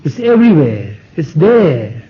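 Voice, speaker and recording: A man's voice: a little high, big pitch swings, measured pace. A man voicing a clever royal minister who patiently explains to the emperor, in a dull old tape recording. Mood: explaining.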